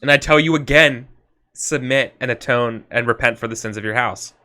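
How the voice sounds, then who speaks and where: A man's voice: medium pitch, normal speed, pushed and bright. A man playing a tabletop role-playing game, talking casually with many fillers and restarts. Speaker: player.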